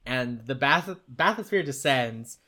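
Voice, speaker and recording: A man's voice: mid-range voice, measured pace. A man in casual conversation, animatedly retelling moments from a video game and laughing as he talks. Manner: animated storytelling, laughs while talking.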